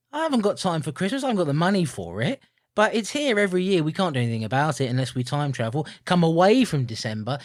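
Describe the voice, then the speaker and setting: A man's voice: sing-song, fast talker, no room sound, clean studio sound. A man co-hosting a podcast in casual, jokey, rambling chat, with mock-grumpy outbursts. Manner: jokey, rambling, mock-grumpy with sudden loud high bursts. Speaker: podcast co-host.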